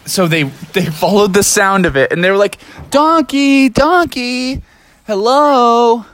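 A woman's voice: fairly low pitch, brisk, slight background noise. A woman improvising a playful, chatty story for children.

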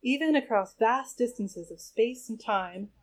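A woman's voice: medium pitch, lively intonation, fast, a little mellow, natural voice. A woman reading a bland woman co-host of an old training video, with a wobbly, nasal, affected delivery. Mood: dreamy.

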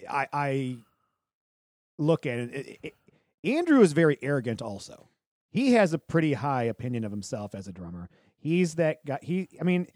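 A man's voice: a little high, a little mellow, no echo, clean studio sound. A man co-hosting a movie review podcast, reading plot summary aloud and adding his own opinions in casual chat. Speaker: podcast co-host.

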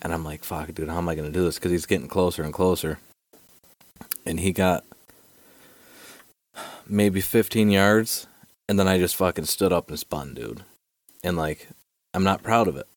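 Deep-voiced man telling a profane story. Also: measured pace, long pauses, no room sound. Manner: profane, animated storyteller, fillers like dude and right. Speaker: podcast co-host. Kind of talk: casual storytelling chat.

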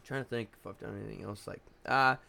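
A man's voice: fairly low pitch, fast talker, creaky, bright, forceful tone. A young man co-hosting a podcast in casual chat, rambling through his stories with plenty of "like" and swearing. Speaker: podcast co-host.

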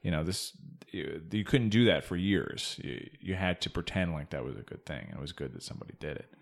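Male co-host, low voice, blunt, profane, animated political banter. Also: a little fast, vocal fry. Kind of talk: casual political chat.

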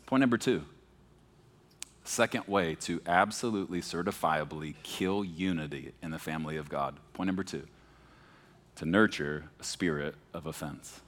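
A pastor from Texas preaching a sermon, moving between hushed, slow emphasis and animated, emphatic passages. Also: male voice, low voice. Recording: long hall reverb.

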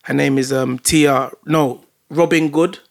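A man's voice: a little high, fairly even intonation, a little slow, vocal fry. A young man, co-hosting a casual group-chat podcast in a laid-back, slangy way. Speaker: podcast co-host.

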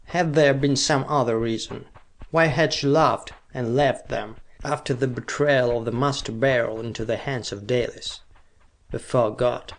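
A man narrating an old pulp science-fiction story in a measured, steady reading. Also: mid-range voice. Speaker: audiobook narrator.

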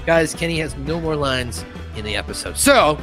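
Male podcast host, casual and animated recapper, lively swinging pitch, slightly high voice. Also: moderate pace, music in the background.

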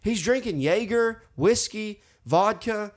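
A man's voice: high-pitched, slow. Foul-mouthed guy telling wild stories. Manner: animated storyteller, swears a lot, says "dude" often. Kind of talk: crude casual chat.

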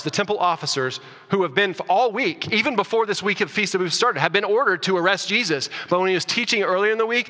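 Pastor guy preaching, bright tense voice, big churchy reverb, gets loud n animated. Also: a little high. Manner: animated preaching, rising loud for emphasis, self-correcting restarts. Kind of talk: sermon. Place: church sanctuary. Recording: long reverb of a church hall.

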